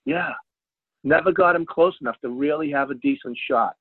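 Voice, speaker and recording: A man, a fishing charter captain, telling a story in a casual interview, animated and loud at the high points. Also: normal speed, slightly rough, no room sound. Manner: animated, jumps to loud exclaims when retelling. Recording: dry tinny phone line.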